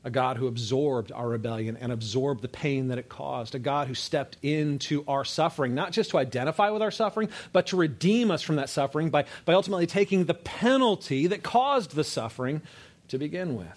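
A man preaching a sermon to a congregation, conversational and emphatic, dropping low and soft on key words and checking that listeners follow. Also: a little fast. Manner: conversational, builds to emphatic rises, asks audience to follow; frequent fillers and restarts, drops low and soft on key words.

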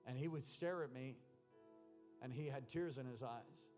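A man's voice: medium pitch, normal speed, a little mellow, soft background music. A man preaching a personal testimony in church, earnest and emotional. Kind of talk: sermon testimony.

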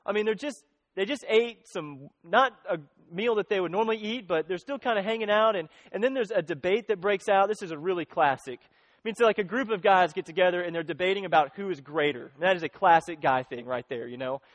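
High-pitched guy giving a sermon, earnest, chatty, dry sound. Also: a little fast, no echo. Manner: conversational, earnest, with many restarts. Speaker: pastor.

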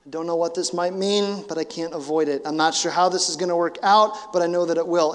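A man of about forty delivers a sermon as a pastor, talking in a loose, conversational way and then climbing into fired-up, emphatic bursts. His voice sits high for a man. A long hall reverb trails behind his words. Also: brisk, few pauses, clean tone. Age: 40s. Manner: animated, conversational, rising to emphatic outbursts.

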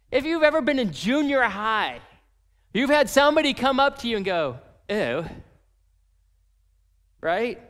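A man preaching a sermon as pastor, animated and acting out the voices of people in his story. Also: high voice, big-room sound.

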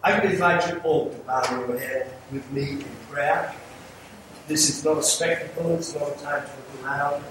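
A man's voice: on the high side, fairly even intonation, moderate pace. An older man with an English accent preaching an earnest sermon as an evangelist, pleading with the congregation and making small jokes. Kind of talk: sermon with altar call. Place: church sanctuary. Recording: echoey hall, mic far off, audible room noise.

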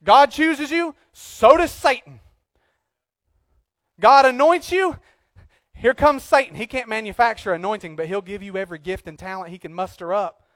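A pastor preaching a sermon from a church pulpit in a joking, conversational way, swinging from quiet asides to loud, emphatic outbursts. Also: male voice, high-pitched, moderate pace, dry recording, studio quality.

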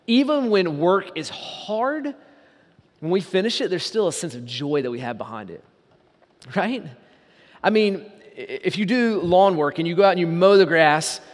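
A man's voice: high-pitched, big-room sound. A man preaching a sermon as a pastor, building emphasis through repeated phrases. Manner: preaching with rising emphasis and repetition.

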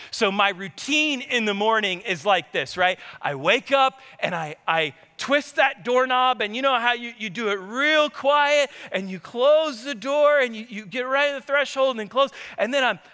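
High, bright-voiced male preacher. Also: smooth. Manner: animated, conversational, engages the audience. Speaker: pastor. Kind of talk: sermon with humorous storytelling. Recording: long hall reverb.

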